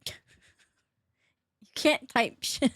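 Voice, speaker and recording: A woman draws out her words as she streams a game from her room at home, with no room sound on the recording. Her chat is casual: she greets viewers by name, laughs a lot and swears offhandedly.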